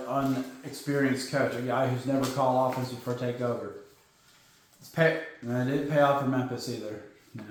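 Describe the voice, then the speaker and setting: A man hosting a sports podcast, talking casually in an animated, sarcastic, joking way. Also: medium pitch. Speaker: podcast host. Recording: very echoey room.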